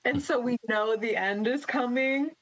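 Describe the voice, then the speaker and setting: A woman's voice: a little high, measured pace, dull audio. A woman who works as a school therapist, chatting on a podcast and telling stories about her clients. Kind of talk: casual podcast chat.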